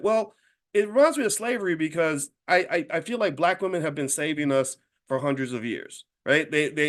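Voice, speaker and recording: Brief: fifties man, slightly high voice, lively anecdotal talk, chatty asides to the crowd. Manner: animated, addresses listeners directly as y'all. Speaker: speaker and wealth educator. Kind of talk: casual storytelling talk to an audience.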